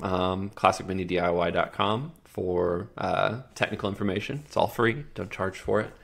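A man with a deep, gravelly voice talks casually as a podcast guest. He is easygoing and often thinks aloud, pausing on fillers as he works out his answers. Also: fairly bright tone. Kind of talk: casual interview chat.

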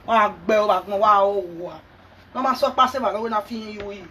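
A woman's voice: mid-range voice, steady tone, a little fast, sharp tone, slightly rough. A Nigerian woman vlogger ranting angrily and scolding, mixing in pidgin. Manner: angry, scolding, mixes pidgin and Yoruba. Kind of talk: angry rant.

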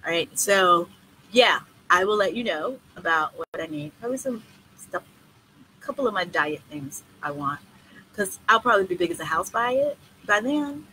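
A woman who organizes tours, answering questions in a casual live video with a blunt, profane, animated way of talking. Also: lowish voice, normal speed, slight background noise, poor audio. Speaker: tour organizer and host.

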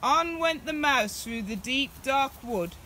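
A woman reading a rhyming picture book aloud to her child in a loud, rhythmic storytelling manner. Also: sits high, expressive, takes it slowly, a little hiss or hum.

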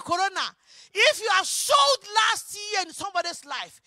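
High-voiced woman preaching emphatically. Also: sing-song, normal speed, no echo. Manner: emphatic preaching that swings from shouting to hushed. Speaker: pastor. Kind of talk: sermon. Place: church.

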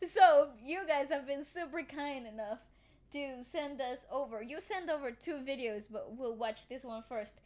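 A woman's voice: sits high, measured pace, darkish tone. A woman hosting a reaction video, chatting casually and giggling a lot. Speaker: host of a reaction channel. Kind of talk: casual chat.

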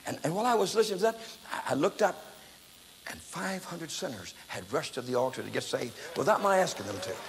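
Older man, evangelist sermon, swooping lively delivery, faint background hiss. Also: on the high side, quick pace. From United States. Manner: animated, dramatic, breaks into loud exclamations. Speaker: evangelist preacher. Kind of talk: testimony sermon storytelling. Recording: echoey hall, faint background noise.

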